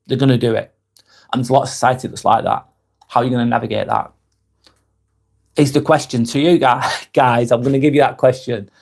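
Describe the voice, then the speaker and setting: A man hosting a live stream, reading viewer comments aloud and answering them in a frank, rambling way, swearing casually as he talks. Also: mid-range voice.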